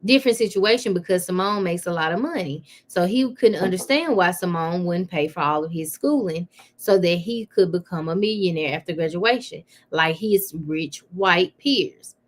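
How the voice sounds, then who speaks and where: Chatty woman with a lowish voice. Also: animated, normal speed, few pauses. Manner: chatty, addresses viewers as y'all, lots of fillers. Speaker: host of a live celebrity gossip stream. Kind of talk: casual live-stream commentary.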